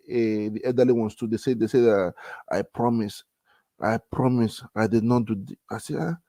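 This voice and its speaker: A man in a casual group chat, talking in halting repeated phrases and often asking "you understand?". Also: mid-range voice, warm tone, no room sound. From France.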